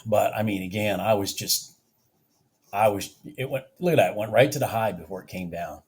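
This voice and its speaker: A man trading futures live at his desk, excitable, repeating himself and cheering the market on, out of breath. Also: lowish voice, fairly quick, slightly rough. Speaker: futures trader vlogging his trades. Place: home office.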